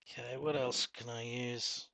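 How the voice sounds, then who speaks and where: A middle-aged Australian man streams a game, easygoing and talkative as he reads out and answers viewer comments. His mid-range voice is steady and measured, with vocal fry and a sharp tone, captured in a dry, close-miked recording with no room sound.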